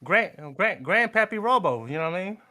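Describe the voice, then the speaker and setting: A man's voice: high-pitched, brisk, heavy background noise. A man in his thirties co-hosting a podcast, joking and swearing in casual banter. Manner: joking, animated, swears freely. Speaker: podcast co-host.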